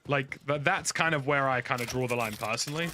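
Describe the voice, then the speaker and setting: A man's voice: medium pitch, fairly quick, sharp tone. Chatty British man over noisy game audio. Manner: chatty, rambling, frank opinions. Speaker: gaming streamer. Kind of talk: casual commentary while playing.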